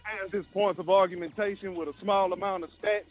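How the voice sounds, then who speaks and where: A man's voice: high voice, steady tone, a little fast, soft background music. A man calling in to a sports talk show, out of breath and making his point with emphasis. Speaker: caller. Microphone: phone line. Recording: dull lo-fi phone call.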